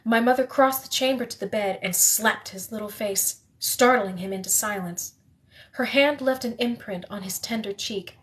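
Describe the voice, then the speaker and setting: Woman reading a novel aloud. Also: a little high. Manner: steady reading with occasional slips and self-corrections. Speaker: reader.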